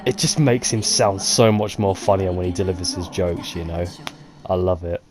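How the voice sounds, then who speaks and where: A man's voice: sits low, steady tone, normal speed, a crowd in the background. A man chatting casually while playing a game, rambling, laughing easily and swearing. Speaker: let's-play gamer. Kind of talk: casual commentary chat.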